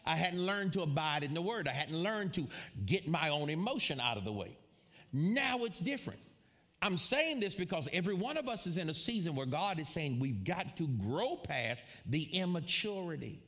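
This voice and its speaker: A man preaching a sermon to a live congregation, telling a personal story with frequent laughter and lively asides. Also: on the high side, normal speed. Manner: animated storyteller, laughs often, calls out to congregation. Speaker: pastor. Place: church before a live congregation.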